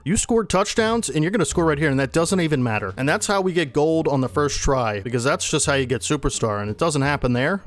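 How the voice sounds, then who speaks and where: A young man giving live commentary over his football video game, excitable and trash-talking the computer players. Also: medium pitch. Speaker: gaming YouTuber.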